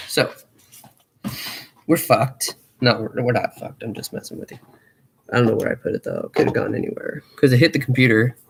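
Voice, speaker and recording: A man's voice: mid-range voice, a bit bright, slight background noise. A man streaming as a hobby watchmaker, chatting casually and joking profanely while he works. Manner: profane, joking, talks to himself. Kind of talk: casual live-stream commentary while working.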